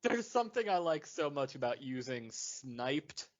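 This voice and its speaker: A man tossing out dry wisecracks on a comedy podcast, speaking slowly with a lively, swooping pitch. The audio sounds dull and lo-fi. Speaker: podcast co-host. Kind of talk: casual comedic podcast chat.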